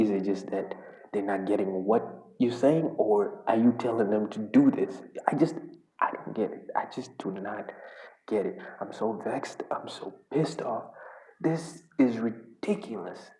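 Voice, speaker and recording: A man's voice: on the low side, expressive, normal speed, dark tone. Exasperated man ranting in an echoey room. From Uganda. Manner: exasperated, repetitive, venting. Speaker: football fan vlogger. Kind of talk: fan reaction rant.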